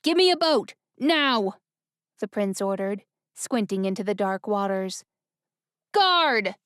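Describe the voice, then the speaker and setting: A woman voicing a young male prince who shouts orders in a trembling voice, caught between grief and rage. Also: medium pitch, completely flat delivery, normal speed, clean tone, no echo, clean studio sound, lightly acted. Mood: furious.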